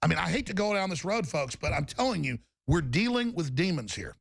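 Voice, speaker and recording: Gravelly ranting talk radio man. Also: a little high, big pitch swings, brisk, no room sound, studio quality. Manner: impassioned, shouting, emotional tirade. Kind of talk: ranting talk show monologue.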